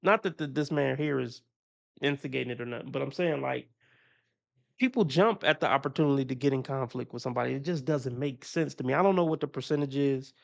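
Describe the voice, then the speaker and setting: A man's voice: mid-range voice, quick pace, gravelly, lo-fi sound. A man giving casual, profane reaction commentary on a stream, chuckling often as he talks through his opinions.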